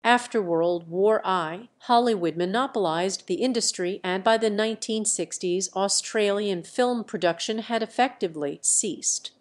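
A woman giving scripted encyclopedic narration, reading list-like facts in a steady, measured way. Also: medium pitch.

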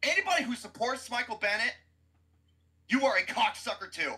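A man hosting a podcast, ranting about football in a loud, cursing, mocking way. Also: very high voice, big pitch swings, fairly quick. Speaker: podcast host. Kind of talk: profane sports rant.

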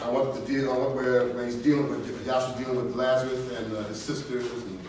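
A man teaching an informal Bible study class, talking casually and getting animated and high-pitched when worked up. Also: brisk, slight background noise. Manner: animated, laughing storyteller, rises high when excited. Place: classroom or meeting room. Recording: echoey room from far off.

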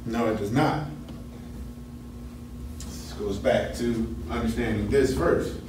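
A man leads a Bible class in a conversational way, pausing to check in with his listeners. He sounds set back from the mic in a very echoey room. A faint hum of room ambience sits behind him. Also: on the low side, steady tone, recorded from a distance. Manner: conversational, asks the class questions. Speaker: Bible study teacher. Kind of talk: teaching a Bible lesson.

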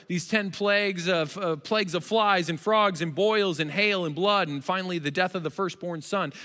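A man preaching a sermon as pastor, telling the story with lively, animated delivery and acting out its characters. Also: high voice, big-room sound. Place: church auditorium.

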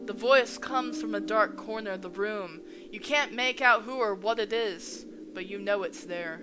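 A woman's voice: medium pitch, unhurried. A woman playing a visual novel, reading its narration aloud and reacting with stunned exclamations. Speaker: let's play gamer. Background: game music.

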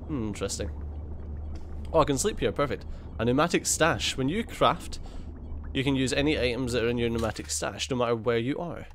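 A man's voice: medium pitch, brisk, slight background noise. A man giving casual let's-play commentary, thinking aloud as he explores the game's menus. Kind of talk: gameplay commentary.

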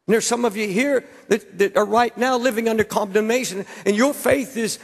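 Older man preaching, gravelly, high-pitched. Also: a little fast. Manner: impassioned, repeats words when pressing a point. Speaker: pastor. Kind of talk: sermon. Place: large church sanctuary. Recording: church hall with long reverb.

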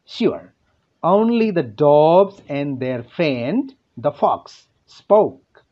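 A male English teacher with a Nepali accent walks pupils through a lesson, asking questions and answering them himself. His pitch rises and falls a lot, and the delivery is very unhurried. The voice is a little husky, and the recording sounds dull and lo-fi. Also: sing-song. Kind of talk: classroom lesson narration.

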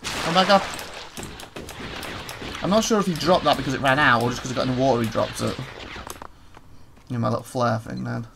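Gamer, gravelly voice, chatty running commentary with sudden excited yelps. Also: mid-range voice, noisy background. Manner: chatty, talks to game characters, quick excited outbursts. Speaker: let's play gamer. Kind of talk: casual gameplay commentary.

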